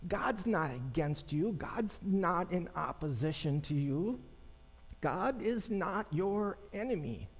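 A pastor giving a sermon to his congregation in a conversational, unhurried way, pausing and making asides to the people in the pews. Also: sits high, lively intonation, husky. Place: church sanctuary. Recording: long church reverb.

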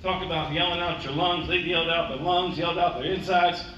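A man's voice: fairly high pitch, steady tone, fairly quick, sharp tone. A man teaches a sermon as a story, acting out what the people in it say. He is recorded from a distance in a very echoey church hall. The sound is dull, with faint room noise behind him. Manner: conversational storytelling, acts out quotes. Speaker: preacher.

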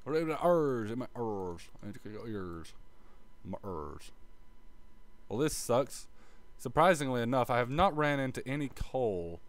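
A man's voice: medium pitch, lively intonation, unhurried, long pauses. A man giving a casual gameplay tutorial, muttering and swearing as he plays and humming little sound effects like "bop bop" under his breath. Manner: offhand, self-mocking tone. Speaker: gaming video creator.

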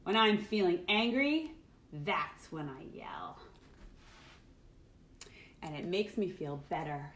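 A middle-aged woman hosting a children's livestream, reading a picture book aloud at home in a playful, animated way and acting out the feelings. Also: on the low side, slow, pauses often. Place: at home, live streaming.

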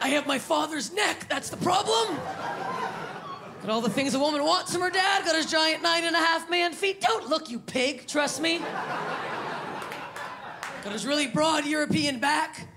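A Canadian woman comic in her 30s performs stand-up on a comedy venue stage with a handheld mic, her gravelly voice high-pitched, her pace moderate with frequent pauses. She's brash and self-deprecating, shouting her punchlines loudly, while the live audience and background noise fill the room.

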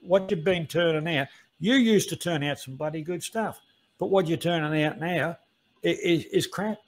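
A man with a somewhat high voice scolds someone on a live stream. He stumbles and repeats words as he goes. He swears often. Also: normal speed. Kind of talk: heated live stream rant.

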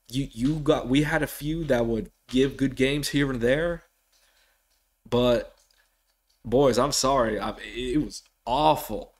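A man hosts a solo sports podcast in an unhurried, drawn-out way. He rambles, restarts his sentences and breaks into animated bursts of excitement. His voice sits at an ordinary mid pitch. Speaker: podcast host.

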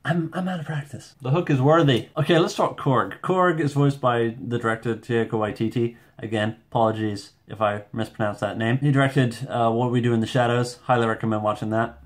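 A man reviewing a movie in a casual vlog at home, rambling, excitable and self-deprecating. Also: mid-range voice, brisk, hardly any pauses. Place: home room with shelves.

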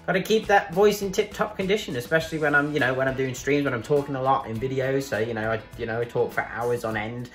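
A man's voice: mid-range voice, fast, hardly any pauses, soft background music. A man chatting casually to camera in a vlog about his day, upbeat and rambling with fillers. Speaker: gaming YouTuber vlogging his day.

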